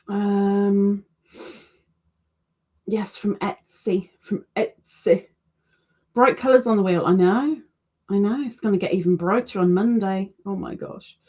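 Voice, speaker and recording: A woman's voice: medium pitch, warm tone, slightly rough. A woman hosting a casual crafting livestream, reading out viewer comments with chatty, self-deprecating asides. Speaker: crochet livestream host.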